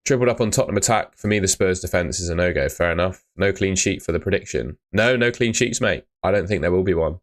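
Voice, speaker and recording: A young man hosts a live stream in a very low voice. He reads out viewers' questions and answers them bluntly, tacking "mate" onto nearly every reply. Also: fast, few pauses. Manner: chatty, blunt advice, often ends with "mate". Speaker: fantasy football streamer. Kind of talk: casual live-stream chat.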